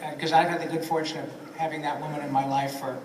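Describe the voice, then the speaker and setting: A man's voice: fairly high pitch, little pitch movement, quick pace, darkish tone. A man chatting on a convention panel, adding chatty remarks about colleagues. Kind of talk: panel chat. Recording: echoey hall from far off.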